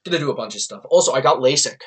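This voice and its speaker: A young man telling a rambling, animated storytime to his camera in a casual vlog, swearing and laughing as he goes. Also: medium pitch, rapid-fire. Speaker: vlogger.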